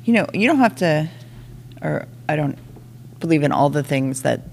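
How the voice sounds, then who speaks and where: A mid-pitched voice with a gravelly edge, chatting casually and reading a joke aloud with voices for each character. There is faint ambience in the background. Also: lively intonation, normal speed, darkish tone, a little hiss or hum. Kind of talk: casual podcast chat.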